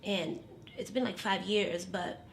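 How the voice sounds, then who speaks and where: A woman in her late twenties, a podcast guest telling stories in a casual chat, animated and slangy, cussing freely. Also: medium pitch, takes it slowly, creaky, a little hiss or hum. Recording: roomy echo.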